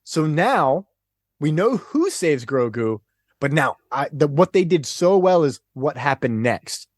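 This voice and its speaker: Excitable man on a podcast. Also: on the high side, measured pace, dry recording, studio quality. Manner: excitable, animated retelling with gasps and laughs. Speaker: podcast guest. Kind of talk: casual chat.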